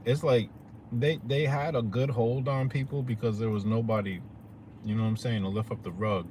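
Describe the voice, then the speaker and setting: A man's voice: mid-range voice, fairly even intonation, moderate pace, darkish tone, a little hiss or hum. A man talking to his viewers in a loose, slangy, profane rant, often asking "you know what I'm saying". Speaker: vlogger.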